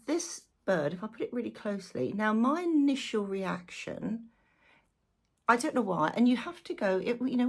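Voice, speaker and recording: A woman's voice: mid-range voice, creaky, husky. A woman giving a casual weekly tarot reading to camera, thinking aloud and chatting animatedly as she goes through the cards. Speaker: tarot reader.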